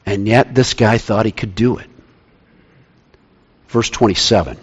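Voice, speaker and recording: A man preaching a sermon to his congregation, emphatic and repeating key phrases, sometimes dropping to a quiet, slow delivery. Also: fairly low pitch, expressive, breathy edge, highs cut off. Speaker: pastor. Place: church sanctuary with congregation.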